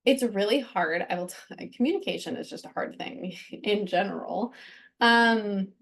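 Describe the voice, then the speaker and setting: A woman's voice: medium pitch, moderate pace, vocal fry, fairly bright tone. A woman hosting a podcast, talking candidly and earnestly about her own experience, with frequent fillers and restarts. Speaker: podcast host. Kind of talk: candid personal talk.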